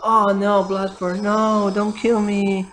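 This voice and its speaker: A young gamer giving live commentary on a challenge run at home, dropping from low muttering to loud cursing outbursts. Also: little pitch movement, takes it slowly. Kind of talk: live let's-play commentary. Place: home room. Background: faint noise, dogs at times.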